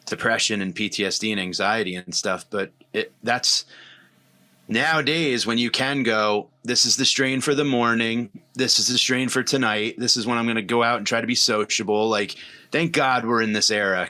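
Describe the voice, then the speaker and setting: An easygoing man hosts a podcast and chats agreeably. His voice sits a little low. His tone is bright and forceful. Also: normal speed. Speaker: podcast host. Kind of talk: casual conversation.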